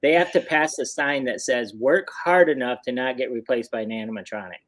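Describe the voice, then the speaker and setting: A man co-hosting a livestream over a video call, chatty and animated as he tells stories about his haunt. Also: mid-range voice, a little fast. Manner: chatty storyteller, animated when quoting people. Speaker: co-host and haunt owner. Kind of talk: casual chat on a livestream.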